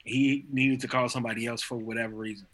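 A man's voice: medium pitch, fairly even intonation, fast, crowd noise. A young man in a casual chat with friends, talking expressively about his own experiences. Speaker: friend in conversation.

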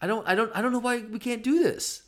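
A man's voice: very high voice, fast, fairly bright tone. A man hosting a casual sports betting podcast, teasing his co-host and rambling with frequent restarts.

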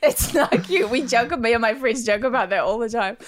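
A woman's voice: on the high side, no echo. Chatty woman in her forties, dry sound. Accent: American. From South Africa. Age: 40s. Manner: chatty, laughing, quick to do accents. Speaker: guest actor. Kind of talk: casual podcast chat.

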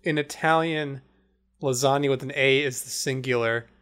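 A man with a mid-range voice chats casually as a podcast co-host. He sounds curious and explains things in a matter-of-fact way as he looks them up. The tone is relaxed and conversational. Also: medium pitch, moderate pace, smooth. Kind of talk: casual chat.

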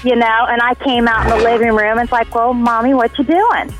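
High-voiced woman with folksy storytelling. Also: fairly even intonation, fairly quick, music in the background, poor audio. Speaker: caller. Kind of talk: phoned-in storytelling.

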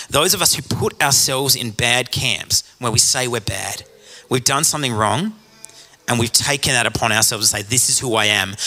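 Bright-voiced pastor preaching in a hall. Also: male voice, medium pitch. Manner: earnest, pleading questions to the congregation. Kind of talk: sermon. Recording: reverberant hall.

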